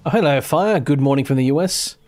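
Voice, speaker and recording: Streaming a game, an Australian man talks a little fast in a medium-pitched, slightly mellow voice with lively intonation. His casual live commentary rambles and self-corrects, and he swears casually.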